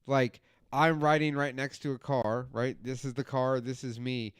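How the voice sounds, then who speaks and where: In a dry, clean studio recording, a man with a smooth, mid-range voice speaks at a moderate pace. He's a co-host on a casual podcast made in a home studio, telling loose, profane stories and animatedly acting out what people said.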